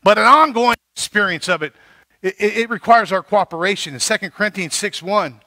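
A man's voice: high-pitched, fairly quick, sharp tone, no room sound. A male pastor preaching a sermon, building emphasis and checking in with the congregation. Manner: preaching with rising emphasis and repeated "right?".

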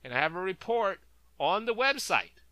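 A male host gives an impassioned, emphatic commentary monologue and hammers his points through repetition. His voice is high and very bright. The sound is dry and close, with no room around it. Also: sing-song, normal speed, no echo. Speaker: talk show host.

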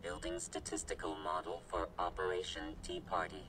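A clipped, low-pitched robot analyst. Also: male voice, wildly swooping pitch, normal speed, fairly bright tone, heavily acted. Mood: computing. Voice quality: clipped machine-like delivery. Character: calm male robot analyst, flat and precise. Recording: distant game audio with clear background noise.

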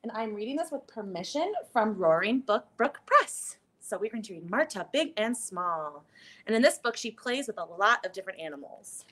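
A woman hosting a children's storytime, reading a picture book and singing action songs in a playful, animated way. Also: mid-range voice, normal speed. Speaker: library storytime host.

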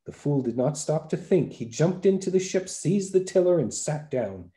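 A man narrating a folktale aloud with a lively, varied storytelling delivery. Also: on the high side, moderate pace. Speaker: podcast storyteller.

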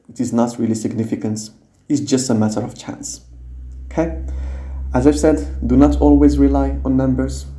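A man with a very dark, mellow tone walks the viewer through a tutorial. He explains patiently and keeps checking that the listener is following. English is not his first language, and his voice sits in a roomy, echoey space. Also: mid-range voice. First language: non-native English speaker. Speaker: teacher. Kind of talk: screen-recorded tutorial.

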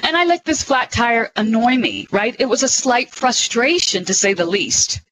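A woman talking earnestly and slowly on a spiritual radio show, as a guest. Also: on the high side, big pitch swings, noisy background. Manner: earnest, slow and emphatic.

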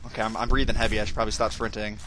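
A man's voice: fairly low pitch, flat delivery, racing, background noise. A young man commentating his own horror game playthrough, panicky, swearing, and breaking into screams. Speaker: gamer playing a horror game. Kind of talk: let's play commentary.

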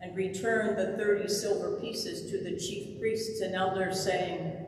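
A lector narrating a Passion gospel reading in a church, slow and formal. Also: medium pitch, steady tone, background noise. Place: church sanctuary. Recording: echoey church from far off.

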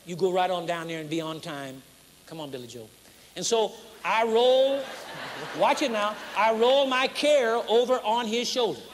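A man's voice: high-pitched, lively intonation, unhurried. A man preaching a sermon at a conference, mixing humor with acted-out demonstrations. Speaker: pastor. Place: large conference hall. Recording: faint noise, 1980s conference recording.

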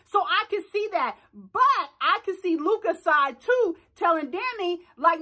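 A woman recapping a reality show in casual chat, animated and slangy, acting out bits of dialogue with loud exclamations and quick asides. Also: very high-pitched. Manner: slangy, playful reenactments of dialogue. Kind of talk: casual reaction chat to camera.

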